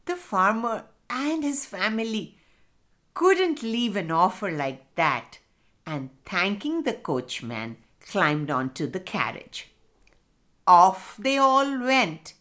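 A woman narrating a children's story in a slow, expressive storytelling manner. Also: mid-range voice.

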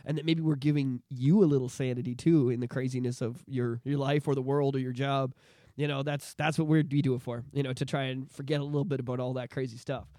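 A man co-hosting a podcast, telling stories in a rambling, animated way with many restarts. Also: medium pitch, fast talker, no echo, studio quality. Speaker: podcast co-host. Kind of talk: casual podcast chat.

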